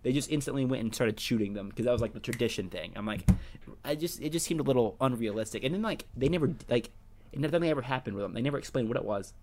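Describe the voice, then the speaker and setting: A man's voice: medium pitch, fast, darkish tone, slight background noise. A young man chatting casually about an anime, blunt and rambling, with frequent restarts. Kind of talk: casual anime review chat.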